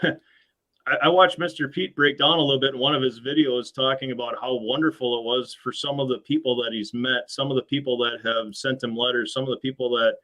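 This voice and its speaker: American man, middle-aged, bright tense voice, earnest, halting restarts. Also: mid-range voice, fairly even intonation, low-quality recording. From USA. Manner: earnest, hesitant with frequent restarts. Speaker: guest, machine shop owner. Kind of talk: casual interview chat.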